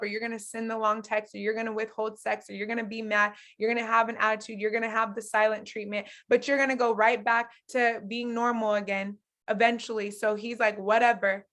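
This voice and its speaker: Candid, animated woman coaching couples. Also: a little high. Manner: candid, animated, laughs often. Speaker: relationship coach. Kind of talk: masterclass teaching.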